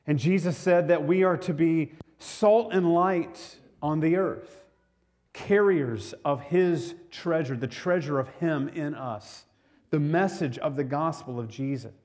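A man's voice: on the high side, measured pace, a little mellow. A male pastor preaching a sermon to his congregation in a conversational way, often repeating words and asking the listeners questions.

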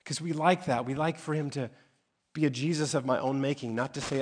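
This male pastor's sermon comes fast, in a fairly high and slightly rough voice. He keeps things conversational and direct with his flock, swinging from emphatic peaks to quiet asides.

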